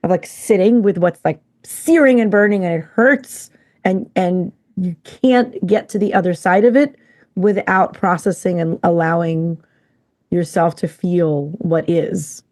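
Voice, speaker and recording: A woman's voice: lowish voice, measured pace, darkish tone. A woman in a casual podcast conversation, speaking plainly with playful wording.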